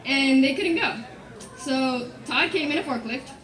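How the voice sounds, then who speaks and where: High-voiced woman telling a story at a memorial. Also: moderate pace. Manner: lively storytelling. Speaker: memorial speaker. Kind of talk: anecdote at a memorial. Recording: echoey hall from far off, crowd behind.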